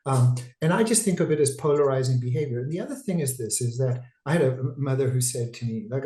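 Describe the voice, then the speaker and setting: A man's voice: medium pitch, expressive, a little fast, mellow, roomy sound, low-quality recording. A man, a psychiatrist, giving a conversational webinar talk over a video call, digressive and full of restarts. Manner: talkative, digressive, with frequent restarts.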